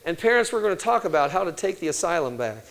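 Casting: older male preacher, slightly high voice, lively, story-driven sermon delivery. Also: fast, rough recording. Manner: animated storytelling with quoted voices.

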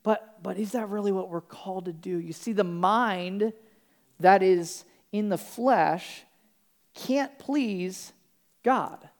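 A man's voice: high voice, steady tone, a little slow. Man preaching a conversational sermon. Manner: conversational, repeats words when restarting. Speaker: pastor. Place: church.

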